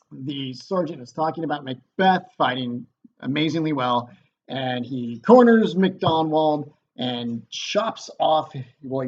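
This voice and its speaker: A man teaching a literature lesson in a relaxed, chatty way, recorded on a computer mic. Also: medium pitch, muffled recording, slight background noise.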